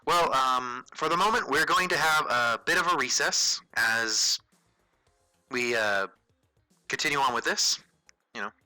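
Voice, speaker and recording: A man hosting a livestream drawing tutorial, narrating casually as he works and thinking aloud with fillers and quick self-corrections. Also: medium pitch, expressive, sharp tone, clean tone, no room sound, faint music behind, poor audio.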